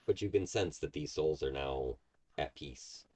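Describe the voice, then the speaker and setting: Very deep-voiced man as game master. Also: unhurried, a little mellow. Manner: rambling, many ums and restarts. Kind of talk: narrating a tabletop game.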